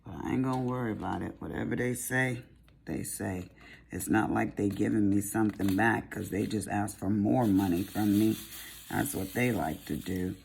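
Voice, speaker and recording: This crafting vlogger, a middle-aged Southern American woman, talks in a loose, folksy ramble as she works on her diamond painting. She has a bass voice that's gravelly and slightly dark, moves at a moderate pace, and carries a little background hiss or hum.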